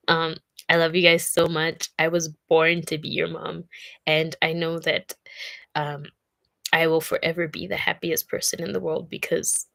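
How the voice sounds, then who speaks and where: Young woman, South African accent, tearful heartfelt talk, lowish voice, dry close sound. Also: vocal fry, fairly bright tone, no echo. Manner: heartfelt, tearful, rambling with fillers. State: crying at times. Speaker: vlogger. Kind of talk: emotional casual talk to camera.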